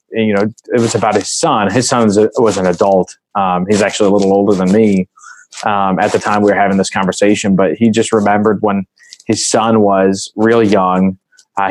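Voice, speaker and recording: A man with a lowish, slightly mellow voice is a guest on a podcast, chatting casually in an interview. He sounds earnest and reflective while telling a story. The recording is low quality, with a bit of hiss or hum.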